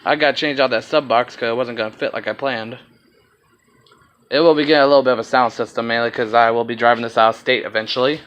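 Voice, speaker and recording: A man's voice: medium pitch, steady tone, fast talker, a bit bright, lo-fi sound. A man with a slight Southern accent filming a rambling, casual walkaround of his car project, swearing now and then.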